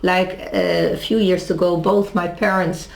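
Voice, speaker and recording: A woman's voice: on the low side, level tone, measured pace, gravelly. Woman telling a story. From Netherlands. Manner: storytelling, many restarts, acts out dialogue. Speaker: interviewee. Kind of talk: casual conversational interview. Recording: echoey room.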